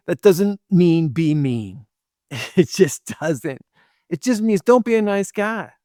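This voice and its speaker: A man with a fairly high, slightly mellow voice hosts a dating advice talk, delivering an opinionated monologue to camera and lecturing the listener bluntly. He drops short laughs between points and acts out women's lines in quoted voices. The sound is dry and close, with no room around it.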